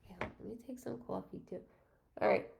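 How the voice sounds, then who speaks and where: A woman's voice: medium pitch, brisk, gravelly, background noise. A woman medium doing live readings, chatting casually with viewers, thanking them by name with lots of ums and the odd swear word. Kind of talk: casual livestream chat with viewers.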